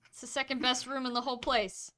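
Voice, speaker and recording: A woman's voice: high voice, flat delivery, fast talker, bright, forceful tone. A woman acting as game master of a tabletop role-play game, narrating in a playful, giggly, chatty way.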